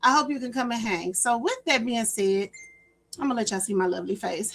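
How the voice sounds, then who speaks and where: A woman runs a casual livestream from her home setup. Her voice sits high and bright above most women's. She chats easily, doubles up her words and welcomes each viewer by name. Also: fairly quick. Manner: chatty, repeats words, greets chat by name. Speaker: livestream host.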